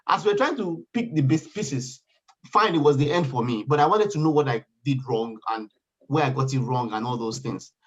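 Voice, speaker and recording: A man telling a personal story in a casual panel chat, acting out what others said. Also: medium pitch. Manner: animated storytelling, acts out quoted voices. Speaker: panel guest. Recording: dull lo-fi sound.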